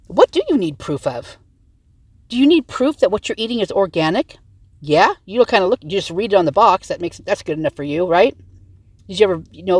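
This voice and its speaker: A woman vlog host rants heatedly into her tablet's microphone, held close to the screen, throwing rhetorical questions at her viewers. Her voice is medium-pitched with a darkish tone, and there's no echo.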